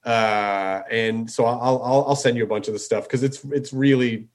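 A man's voice: medium pitch, fairly even intonation, moderate pace. A middle-aged man hosting a podcast, chatting with enthusiasm, full of fillers and casual swearing.

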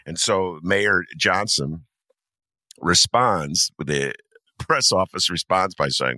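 A man hosting a podcast, talking in a loose, sarcastic and animated rant about local news. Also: sits low, a little slow, dry recording. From Chicago. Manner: animated, sarcastic ranting with laughs. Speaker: podcast host. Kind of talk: casual commentary monologue.

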